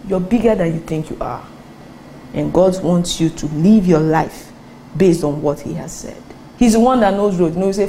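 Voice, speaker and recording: Female preacher, warm mellow tone, animated sermon storytelling, light background hiss. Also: poor audio. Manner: animated storytelling, acts out quotes with rising pitch.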